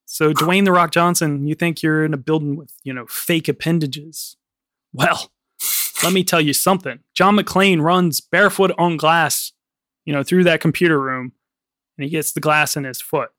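Chatty man with a slightly high voice. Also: steady tone, moderate pace, a bit bright, no room sound. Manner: rambling with frequent fillers and laughs. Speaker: podcast co-host. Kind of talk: casual chat.

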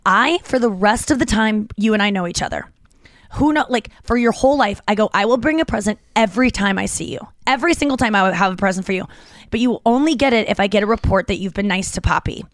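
A woman in her thirties co-hosting a podcast, telling animated stories in casual chat with lots of restarts and fillers. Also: medium pitch, fast, no room sound. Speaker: podcast co-host.

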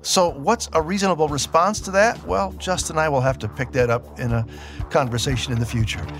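A man's voice: a little high, brisk, over music. A man hosting a radio program, asking friendly conversational questions to his guests. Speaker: radio show host. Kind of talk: radio interview.

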